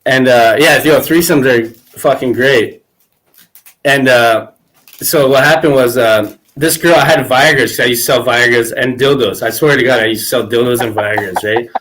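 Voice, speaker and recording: A man's voice: mid-range voice, normal speed, a bit bright. A man hosting a podcast, telling crude stories in casual chat and laughing often. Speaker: podcast host.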